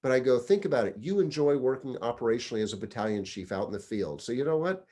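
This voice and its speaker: This deputy fire chief, a middle-aged man, shares career tips through relaxed storytelling, voicing the people he quotes. His tone is mellow and medium in pitch, quick-paced, with lively intonation.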